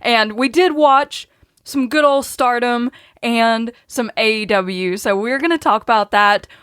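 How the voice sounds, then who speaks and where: A woman co-hosting a podcast in casual chat, a supportive listener who agrees quickly and laughs along. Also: a little high, fairly bright tone, smooth, no room sound, clean studio sound. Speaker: podcast co-host.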